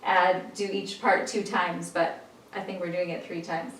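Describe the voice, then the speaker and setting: Her low-side voice barely moves in pitch and stays unhurried as she leads a rhythmic chant in a memory lesson. The woman teaches patiently and encouragingly in classroom style, recorded with echo, a distant mic, and loud background noise.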